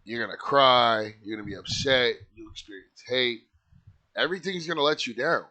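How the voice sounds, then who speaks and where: A man voicing a pale male stranger dressed in black, speaking in a slow, coaxing and persuasive way while telling a story. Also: medium pitch, bright, forceful tone, lightly acted.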